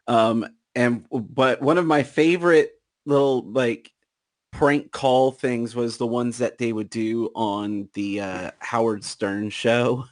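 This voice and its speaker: A man with a middle-pitched voice reminisces in relaxed, casual podcast talk. His delivery is easygoing and conversational. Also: slow pace. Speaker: podcast co-host. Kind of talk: casual chat.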